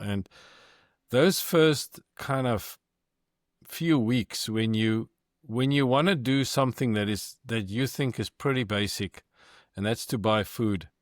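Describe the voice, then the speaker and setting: A man's voice: mid-range voice, dry recording, studio quality. A man hosting a podcast, reflecting thoughtfully with many fillers and hesitations. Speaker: podcast host. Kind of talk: casual chat.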